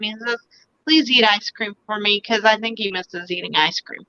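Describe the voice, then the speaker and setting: A woman's voice: medium pitch, normal speed, sharp tone, dry recording, highs cut off. A woman hosting a live-stream psychic reading, relaying messages in a chatty way with lots of filler words. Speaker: psychic medium and host.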